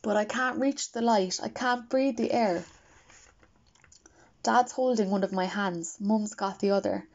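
A woman reading an audiobook as first-person narration, quiet, reflective and wistful, on a dull lo-fi recording. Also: mid-range voice, unhurried.

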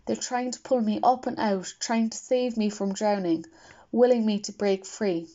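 A woman reading an audiobook as first-person narration, quiet, reflective and wistful, on a dull lo-fi recording. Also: mid-range voice, steady tone, normal speed.

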